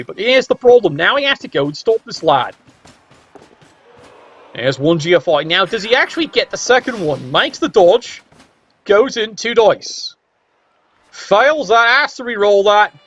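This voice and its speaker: A man with a fairly high voice commentates a game play by play, wry and quick to get excited. His tone is sarcastic and casual. The recording sounds dull and lo-fi.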